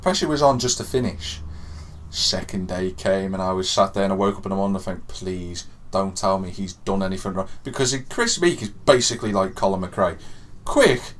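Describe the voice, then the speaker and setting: Animated young man telling a story. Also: low voice, brisk. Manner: animated storytelling, swings from hushed to shouting. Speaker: podcast co-host. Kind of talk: excited casual chat.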